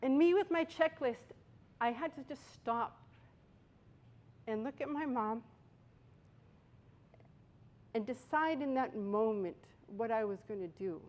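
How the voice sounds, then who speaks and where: A woman's voice: fairly high pitch, darkish tone. Bostonian woman giving a speech. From Boston, USA. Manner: storytelling, emphatic pauses. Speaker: Toastmasters speaker. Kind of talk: prepared speech.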